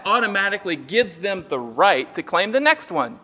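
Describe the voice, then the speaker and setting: A man's voice: high voice, brisk, hardly any pauses. A man preaching a sermon, joking and acting out little dialogues as he goes. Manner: lively, jokey preaching with acted-out dialogue. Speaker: pastor. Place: church sanctuary. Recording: reverberant church hall.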